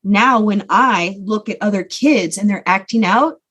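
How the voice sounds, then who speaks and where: A woman telling her life story as a podcast guest, candid and earnest about painful memories. Her voice sits at an ordinary middle pitch for a woman, in a personal, conversational telling. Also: a little slow, fairly bright tone, husky.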